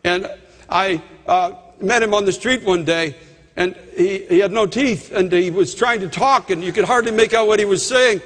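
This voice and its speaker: A man's voice: high-pitched, moderate pace, a bit bright. A man preaching a sermon as a pastor, reading and explaining scripture, rising sharply in emphasis when he quotes verses. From Canada. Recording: reverberant hall.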